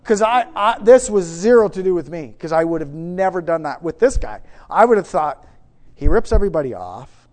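Male preacher, high voice, storytelling sermon, halting restarts, hushed then loud. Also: expressive.

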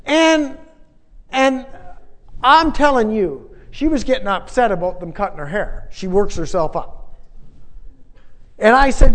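Middle-aged male preacher, high-pitched, emphatic testimony, echoing hall. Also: moderate pace. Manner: emphatic, conversational, with repeated phrases. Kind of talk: sermon testimony, storytelling. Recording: long reverb of a large hall.

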